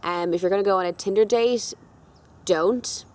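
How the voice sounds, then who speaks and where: A woman's voice: mid-range voice, moderate pace, a little mellow. A young woman, casually telling a dating story to camera, full of fillers and swearing. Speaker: beauty vlogger.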